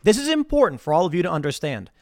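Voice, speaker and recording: A man hosting a live political commentary show, talking in an animated way and acting out quotes. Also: a little high, fast talker, dry recording, faint music behind. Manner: animated, acts out quotes in other voices. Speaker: host.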